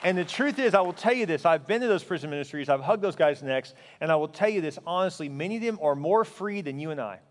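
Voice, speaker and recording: A man preaching as a pastor, earnest and emphatic, often sinking to a quiet, intense tone. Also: fairly high pitch, lively intonation, fast talker, few pauses, long reverb tail, some chatter behind. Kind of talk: sermon.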